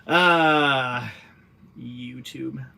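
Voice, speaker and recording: A man's voice: medium pitch, extremely slow, creaky, sharp tone. A young adult man hosting a casual livestream, reading out viewer comments and answering in a rambling way with lots of fillers and restarts. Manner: rambling, many fillers and restarts, laughs easily.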